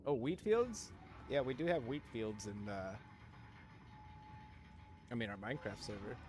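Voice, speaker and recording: Male streamer, mid-pitched, rambling and jokey, swears casually, faint room hum. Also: very animated, a little slow, a little mellow. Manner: talks to chat, many fillers and restarts. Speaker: livestreamer. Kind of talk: casual live-stream chat.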